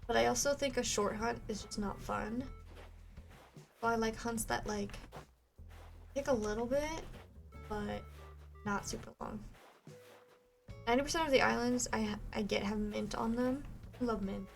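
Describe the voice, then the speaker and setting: A woman's voice: fairly high pitch, steady tone, normal speed, gravelly, pauses often, soft background music. A woman in her twenties, a game streamer chatting casually with her live viewers in a rambling way, full of "like" fillers.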